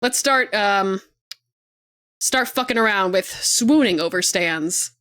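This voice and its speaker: Talking slowly in a medium-pitched voice, a young woman streamer keeps up casual live-stream chat at her desk microphone. She's excitable and gushing, with lots of laughter and free swearing.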